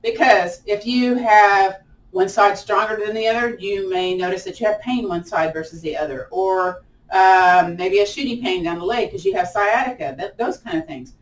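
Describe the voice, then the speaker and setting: A woman's voice: mid-range voice, normal speed. A woman leading a live online chair yoga class, chatty and encouraging, with a lilt and playful whoops during the holds. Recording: roomy echo, mic at a distance.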